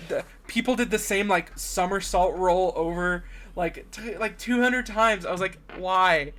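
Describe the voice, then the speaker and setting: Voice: mid-range voice, normal speed. A young adult co-host in casual chat about movies, jokey, with lots of "like" fillers. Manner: jokey, acts out scenes with put-on voices. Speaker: podcast co-host.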